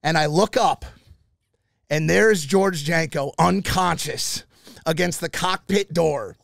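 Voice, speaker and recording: Brief: male podcast host, higher voice, dry close sound, lively storyteller who swears a lot. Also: slow pace, gravelly, dry recording. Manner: animated, swears a lot, acts out quotes. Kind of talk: animated storytelling, casual chat.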